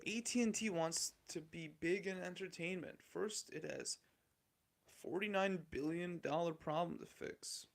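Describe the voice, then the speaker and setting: A man's voice: high voice, a little slow, vocal fry. A man hosting a solo podcast, talking bluntly and opinionatedly with profanity and frequent restarts. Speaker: podcast host. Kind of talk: casual solo podcast commentary.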